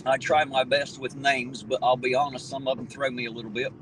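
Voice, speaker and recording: Over loud road noise on a distant mic, a livestream host with an Appalachian accent chats casually from his vehicle at night. His mid-range voice is flat and a little fast as he folksily and talkatively greets viewers by name.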